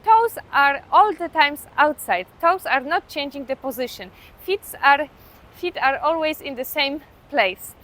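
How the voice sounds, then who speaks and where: Slow-talking high-voiced woman teaching dance. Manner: calm, counts beats aloud, simple non-native phrasing. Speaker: belly dance instructor. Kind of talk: step-by-step dance lesson with counting. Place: beach, outdoors.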